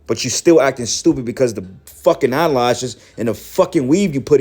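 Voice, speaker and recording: A man's voice: mid-range voice, moderate pace, faint music behind. A man giving fiery, profane preaching commentary, scolding his listeners and quoting scripture. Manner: profane, scolding, rising to shouts. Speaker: online street preacher.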